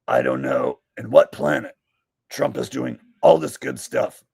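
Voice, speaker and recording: A man doing a gravelly whining mock talk host. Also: mid-range voice, wildly swooping pitch, unhurried, darkish tone, dry recording, clean studio sound, full character voice. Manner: exaggerated sarcastic whining. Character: mocking parody of a ranting male talk host.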